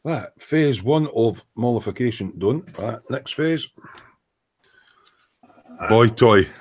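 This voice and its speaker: At an indoor workbench where he builds models, a Scottish man sands and hosts a casual live stream, trading banter, curses, and dry jokes. His mid-range voice is animated but slow, with a breathy edge.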